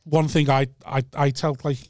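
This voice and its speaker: A man's voice: a little high, little pitch movement, normal speed, a little mellow, dry recording. A man comedian from Liverpool with a Scouse accent, chatting casually on a podcast in a blunt way, with swearing and restarts.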